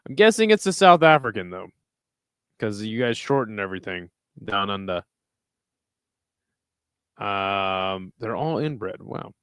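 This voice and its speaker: Reading chat during a laid-back fight watch-along, this young American host answers viewers with dry, sarcastic comebacks. His voice is on the low side and sing-song, a little slow with frequent pauses, a bit bright and smooth, and free of room sound.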